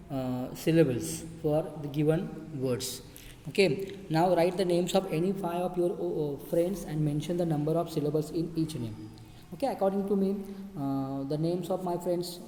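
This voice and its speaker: Teacher in an echoey room. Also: male voice, fairly high pitch, dark tone. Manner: slow, deliberate reading of word lists with fillers. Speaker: English teacher. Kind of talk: classroom lesson. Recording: echoey room with long reverb.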